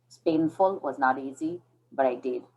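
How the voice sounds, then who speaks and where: A woman's voice: rumbling low, moderate pace, darkish tone, rough recording. A woman in her forties from India, telling her story as an interview guest and acting out the dialogue in it. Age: 40s.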